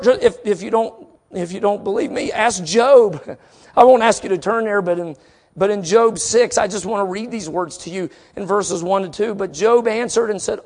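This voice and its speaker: A middle-aged man preaching a sermon, swinging from soft, slow passages to emphatic exhortation, and reading scripture aloud deliberately. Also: high-pitched. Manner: reads scripture aloud slowly.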